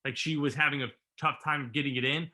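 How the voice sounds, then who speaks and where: Bright-voiced rambling podcast man. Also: fairly high pitch, fairly even intonation, fast. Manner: rambling, thinks aloud with many "like"s. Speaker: podcast co-host. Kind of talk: casual movie review chat.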